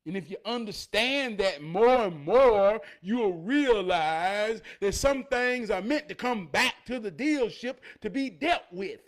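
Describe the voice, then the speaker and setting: A man with a notably high voice delivers a motivational monologue. He preaches through stories, swinging from raised, emphatic passages to low, murmured asides. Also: lively intonation, a little slow, few pauses. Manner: preachy, storytelling, swings from loud to near-murmur. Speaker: motivational speaker.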